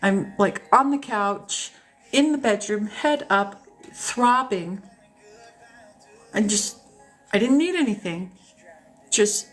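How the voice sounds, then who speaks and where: A woman hosting a casual live stream, telling personal stories to her viewers in an animated, candid way and swearing freely. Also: fairly high pitch, slow, long pauses, soft background music. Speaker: host. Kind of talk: casual storytelling chat to a live audience.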